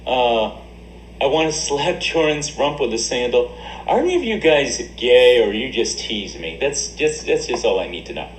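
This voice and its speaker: A man's voice: mid-range voice, very animated, normal speed, roomy sound, slight background noise, rough recording. A man livestreaming and reading chat aloud, joking crudely and laughing often into a desk mic. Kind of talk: casual stream banter. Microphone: desk USB mic.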